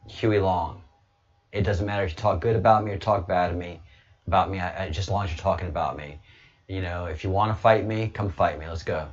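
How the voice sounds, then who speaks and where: A lower-voiced man chatting casually as a guest on an online show. He rambles, jokes and restarts often, and turns boastful and provocative. The audio sounds dull and lo-fi. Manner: rambling and joking, with many restarts. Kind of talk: casual chat.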